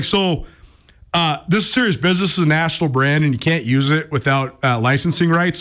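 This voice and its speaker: A man in his thirties hosting a sports radio show, telling a story in a lively, self-mocking way with many restarts. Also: fairly high pitch.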